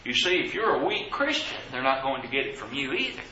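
Animated preacher man, echoey muffled room. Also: medium pitch, quick pace, slight background noise. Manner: emphatic, rhetorical questions, addresses congregation as beloved. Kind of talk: sermon.

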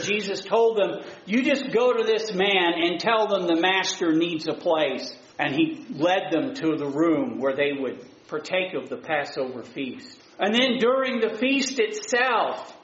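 A man with a high voice preaches at an unhurried pace, telling the story in plain everyday words. His voice rings through a roomy church, and the recording is a little muffled. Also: a bit bright. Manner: retells the story in a plain, conversational way. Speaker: pastor. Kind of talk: sermon.

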